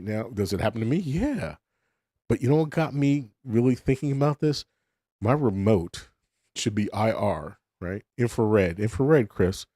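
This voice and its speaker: A man's voice: lowish voice, mellow, no echo, clean studio sound. A middle-aged man hosting a podcast, rambling bluntly through a casual monologue full of restarts and swearing. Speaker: podcast host.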